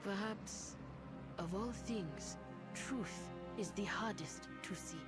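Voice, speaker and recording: A woman voicing a solemn female plant-folk explorer in a video game, speaking in a measured, formal way. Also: mid-range voice, natural voice. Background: game music.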